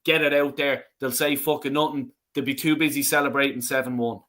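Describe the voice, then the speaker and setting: A man's voice: medium pitch, flat delivery, brisk, a bit bright. A man hosting a fan talk show, ranting angrily with lots of swearing and stumbling restarts. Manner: angry, sweary, stammering restarts. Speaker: fan channel host. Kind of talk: ranting podcast chat.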